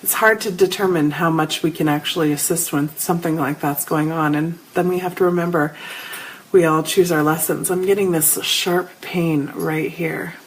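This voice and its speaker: Hosting a spiritual live show, a middle-aged woman chats casually and tells stories with animation, greeting viewers by name as she goes. She speaks in a low, slightly rough voice at a moderate pace, with poor audio quality.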